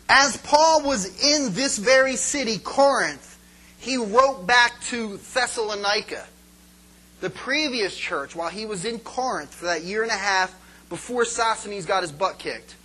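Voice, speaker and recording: Bright, high-voiced energetic male preacher. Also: a little slow, rough recording. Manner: energetic, call-and-response with congregation. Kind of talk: sermon.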